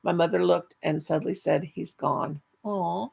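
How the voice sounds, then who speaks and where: A woman's voice: lowish voice, fairly even intonation, normal speed, creaky, darkish tone, breathy edge. A middle-aged woman hosting a casual live stream, reading chat and rambling fondly with many restarts. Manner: chatty, affectionate, rambling with restarts.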